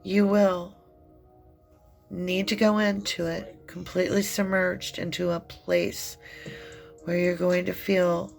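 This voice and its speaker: Tearful gravelly-voiced woman reading tarot. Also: lowish voice, level tone, faint music behind. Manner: tearful, heartfelt, slow and soothing. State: crying. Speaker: tarot reader. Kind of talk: emotional tarot reading to camera.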